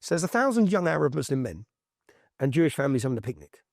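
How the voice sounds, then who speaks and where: An English man in an interview, telling a story in an excitable, emphatic way and often tossing in "yeah?" as he goes. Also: mid-range voice, fast talker, gravelly, dry recording, studio quality. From England. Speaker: interview guest. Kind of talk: animated storytelling in conversation.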